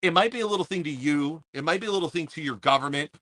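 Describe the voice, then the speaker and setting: A man's voice: fairly high pitch, rapid-fire, sharp tone, dry recording. Fired-up man ranting outdoors in rain. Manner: fired-up, repetitive, talks straight to viewers. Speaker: podcast host. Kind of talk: casual livestream rant. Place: outdoors in pouring rain under an umbrella.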